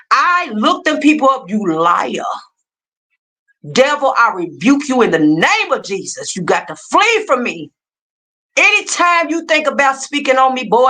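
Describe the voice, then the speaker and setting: A woman's voice: a little high, bright, forceful tone, low-quality recording. A woman hosting a livestream, speaking in an emphatic, scolding, preacher-like way. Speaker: livestream reaction host. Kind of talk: heated livestream rant.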